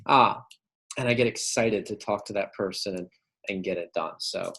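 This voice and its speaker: He has a lowish, gravelly, slightly rough voice with a fairly bright tone, speaking at normal speed. A manager giving informal phone training to his receptionists, he acts out whole calls from both sides. "Right?" comes up again and again.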